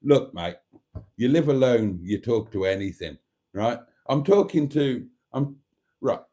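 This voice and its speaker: A man's voice: medium pitch, lively intonation, measured pace, dark tone. A man hosting a casual live stream from home, reading viewer comments aloud in a chatty, cheeky, rambling way into a phone. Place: home, indoors.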